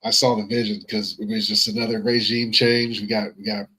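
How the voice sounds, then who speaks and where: Husky low-voiced co-host, halting. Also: male voice, flat delivery, pushed and bright, low-quality recording. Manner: reflective, admits mistakes, halting restarts. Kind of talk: casual sports talk.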